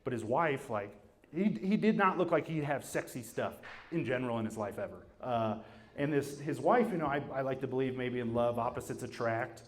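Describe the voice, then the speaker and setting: A young stand-up comedian performs a profane, rambling set in a gym before a live audience, jumping quickly in pitch for quoted voices. The live room carries crowd noise and laughter.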